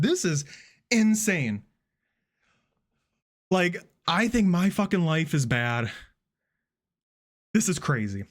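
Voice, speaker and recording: Young guy on stream swearing nonstop while he recaps clips, a bit higher voiced than most guys. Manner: profane, animated recap, heavy swearing. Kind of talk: casual storytelling on a livestream.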